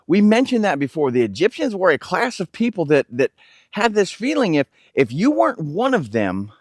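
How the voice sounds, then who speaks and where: Animated, halting male Bible teacher. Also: a little high, dry recording, clean studio sound. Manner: halting, repeats words and restarts phrases. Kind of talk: conversational scripture teaching.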